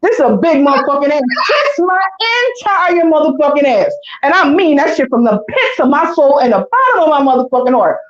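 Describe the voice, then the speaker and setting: A woman's voice: high voice, fast, hardly any pauses, slight background noise. A woman co-hosting a casual chat, ranting heatedly and with heavy profanity. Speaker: co-host. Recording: echoey dull lo-fi room.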